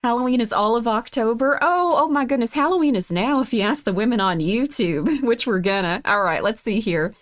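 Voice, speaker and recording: A woman's voice: expressive, fairly quick, few pauses. Bubbly rambling woman streamer. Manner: rambling, reacts to chat with sudden high squeals; swings widely in pitch. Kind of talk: casual live-stream chat.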